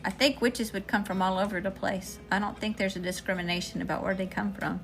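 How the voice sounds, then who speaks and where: Bright-voiced woman reading tarot live. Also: mid-range voice, steady tone, a little fast, creaky, faint music behind. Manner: chatty, greets viewers in the chat between card readings. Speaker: tarot reader.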